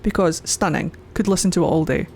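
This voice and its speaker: A woman's voice: fairly low pitch, fairly quick, warm tone, a little hiss or hum. A woman streamer giving rowdy, gushing commentary as she plays a game. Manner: rowdy, gushing, cheering at the screen. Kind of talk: excited let's play commentary.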